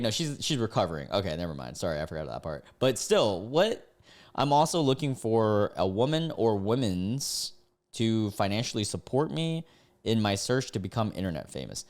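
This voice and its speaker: A man's voice: very animated, normal speed, darkish tone. Young man reacting with laughs and disbelief. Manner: reads posts aloud, then reacts with laughs and sudden high-pitched disbelief. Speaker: streamer reacting to dating app posts. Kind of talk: casual reaction commentary.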